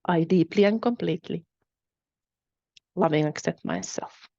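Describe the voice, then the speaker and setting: A woman leads a guided tapping exercise in unhurried, repetitive phrases, her voice sitting a little low. The sound is close and dry, with the muffled, lo-fi quality of a video call. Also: no room sound. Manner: slow, calm, repetitive phrasing. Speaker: webinar host leading a tapping exercise. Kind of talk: guided repeat-after-me instruction.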